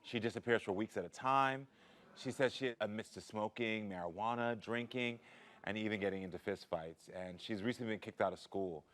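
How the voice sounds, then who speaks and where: A man's voice: on the low side, brisk, a bit bright. A man hosting a talk show, talking to a guest in an emphatic, affectionate way with playful teasing. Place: TV studio.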